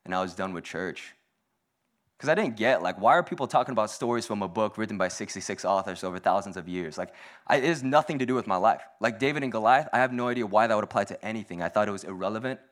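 A young man giving a casual, humorous sermon at a church service, self-deprecating and chatty, with lots of "like"s. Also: fairly low pitch. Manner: self-deprecating, joking, conversational with many "like"s.

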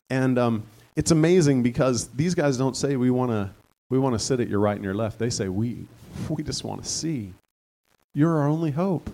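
A man's voice: a little high, lively intonation, fairly quick, a little mellow. A man preaching a sermon in a conversational way, now and then rising to fervent emphasis. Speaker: pastor.

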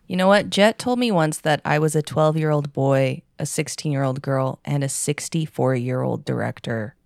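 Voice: medium pitch, normal speed, creaky, dry recording, clean studio sound. A podcast host chatting casually and tossing in wry, offhand remarks. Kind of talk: casual chat.

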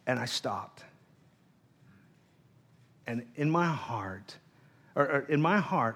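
A male pastor tells a personal story during his sermon, voicing both sides of a quarrel before sinking to a low, hushed tone for the core of his message. He is animated but unhurried, leaving long pauses.

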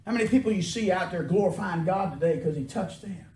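A man preaching a sermon in an animated, conversational way, full of rhetorical questions. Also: sits high, fast talker. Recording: echoey room, distant mic, faint noise.

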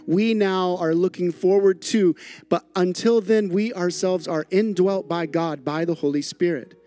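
High-voiced preacher telling a story. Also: male voice, measured pace, soft background music. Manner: animated storytelling, repeats phrases for emphasis. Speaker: pastor. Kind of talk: sermon.

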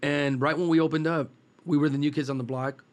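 A man from East Los Angeles, a food truck cook, telling rambling anecdotes in a relaxed, casual chat. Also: a little high, brisk. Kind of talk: casual storytelling.

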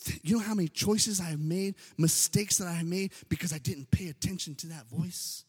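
Preacher guy in a big echoey church hall, high voice, fiery then hushed, amen every other line. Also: moderate pace, husky. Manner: impassioned, swings between shouting and soft hushed delivery; repeats amen often, stammering restarts. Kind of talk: sermon. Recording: long hall reverb.

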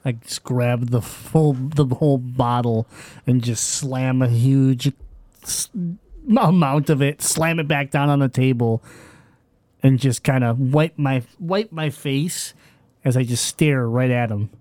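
A man plays a tabletop role-playing game, narrating his character's defiant moves. He speaks slowly in a mellow, dark voice, recorded dry and close. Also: medium pitch, no echo. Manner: defiant, describing actions. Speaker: player.

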